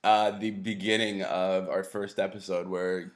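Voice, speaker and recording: Man, low pitch, podcast co-host, relaxed casual chat. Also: unhurried. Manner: relaxed, laughs often, chimes in with short remarks.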